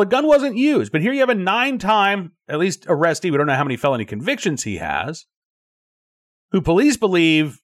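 Chatty news show host, dry sound. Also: male voice, high voice, dry recording. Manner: conversational, frequent fillers and restarts. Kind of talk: daily news commentary.

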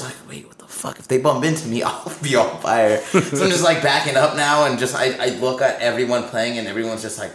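A man's voice: mid-range voice, a bit bright, roomy sound, slight background noise. A man in a band, telling a rambling tour story in casual chat, swearing a lot and acting out what people said. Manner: rambling storyteller, heavy swearing, acts out quotes.

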